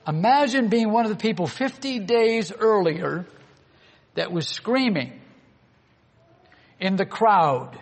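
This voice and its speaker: High-voiced man preaching in a reverberant hall. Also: animated, takes it slowly, pauses often. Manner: earnest, rhetorical questions to the room. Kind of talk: sermon.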